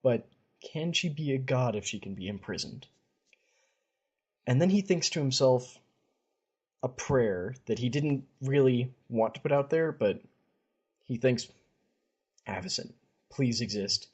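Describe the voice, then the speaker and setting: A man's voice: medium pitch, expressive, a little slow, long pauses, a little mellow, husky, lo-fi sound. A man casually retelling a fantasy story on a podcast, chatty and wry. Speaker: podcast co-host.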